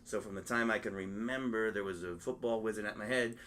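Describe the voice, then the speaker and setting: A woman's voice: very deep voice, steady tone, quick pace, crowd noise. A woman hosting a casual interview, chatty and laughing often. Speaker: podcast host.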